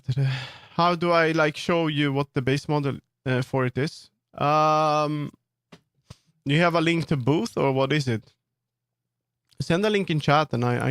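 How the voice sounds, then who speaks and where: This livestreamer, who customizes 3D models, chats casually with viewers and responds to their messages as he works. When drawing boundaries he gets firm and earnest. His mid-range voice comes through a dry, studio-quality recording.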